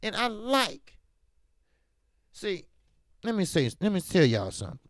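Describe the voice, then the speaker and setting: On his casual boxing commentary livestream, this host talks emphatically and with animation, slipping into slang. His voice sits high and he speaks a little slowly, recorded dry with clean studio sound.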